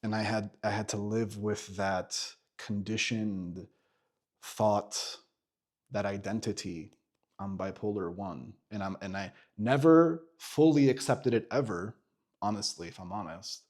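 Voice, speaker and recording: In a candid vlog, a man in his thirties tells a personal story with lots of energy, swearing freely and filling his speech with fillers and restarts. His voice sits on the low side, and he takes his time.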